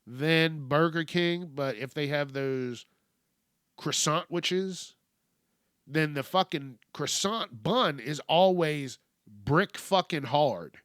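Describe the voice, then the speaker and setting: Guy ranting on his own podcast, swears a ton, slow talker, bright voice. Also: a little high, clear, resonant tone, no room sound, clean studio sound. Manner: profane, blunt ranting. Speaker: podcast host. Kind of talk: solo ranting monologue.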